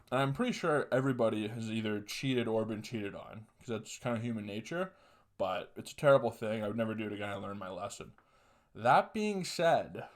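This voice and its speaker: A man in his twenties telling a crude, rambling story as a podcast host, swearing freely and laughing often. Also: medium pitch.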